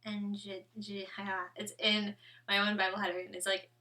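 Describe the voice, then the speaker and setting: A woman's voice: mid-range voice, little pitch movement, moderate pace, pushed and bright, recorded from a distance. A young woman leading a casual Bible study, rambling with lots of "like" and "you know".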